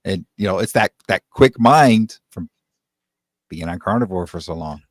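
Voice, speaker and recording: A man hosting a talk show, asking questions in a halting way with many fillers. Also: low-pitched, expressive, no echo, clean studio sound. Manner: hesitant, lots of ums and restarts. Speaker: host. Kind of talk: casual conversation on a live stream.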